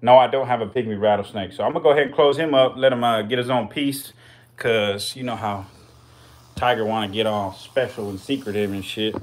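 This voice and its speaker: A man's voice: on the low side, fairly quick. A man hosting a live stream, giving casual commentary in slangy, profane, hyped-up banter.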